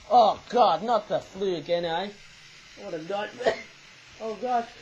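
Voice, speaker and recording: A man's voice: high voice, slow, darkish tone, muffled recording, slight background noise. A man reviewing toys in a casual, chatty way, ending his sentences with "eh?" and coughing as he gets over a flu. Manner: chatty, tags sentences with "eh?" and makes puns. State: coughing, getting over a flu and sore throat. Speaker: toy reviewer.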